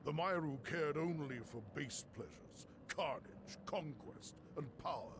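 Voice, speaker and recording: An actor playing a male academy master in a video game, speaking in a measured, formal way. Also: a little high, lively intonation, background noise. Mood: lofty.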